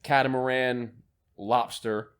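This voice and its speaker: A man's voice: medium pitch, level tone, slow pace, a bit bright, clear, resonant tone. A young man co-hosting a podcast, telling a trip story in casual chat, rambling with restarts and casual swearing. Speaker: podcast co-host.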